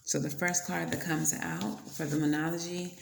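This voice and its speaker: A woman giving a casual tarot reading, blunt and playful, swearing now and then between soft fillers. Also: low-pitched, level tone, normal speed, creaky, echoey room, noisy background. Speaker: tarot reader.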